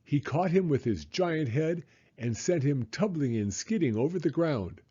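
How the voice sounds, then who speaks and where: A man reading a children's storybook aloud in an expressive, dramatic way. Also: on the high side, moderate pace, husky, dull audio.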